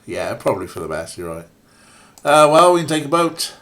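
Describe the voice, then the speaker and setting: A man's voice: mid-range voice, very animated, a little fast, fairly bright tone. A man casually playing a point-and-click game, reading its text aloud with wry, self-mocking remarks. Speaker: let's play streamer.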